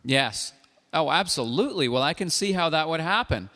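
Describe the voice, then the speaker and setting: A man hosting a call-in show, speaking in a calm, earnest and measured way. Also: a little high. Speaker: host. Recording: long reverb.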